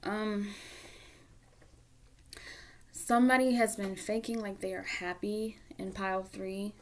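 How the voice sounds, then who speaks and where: A woman's voice: mid-range voice, level tone, slow pace. A woman giving a casual tarot reading to camera, candid and emotional, dropping at times into a near whisper. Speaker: tarot reader.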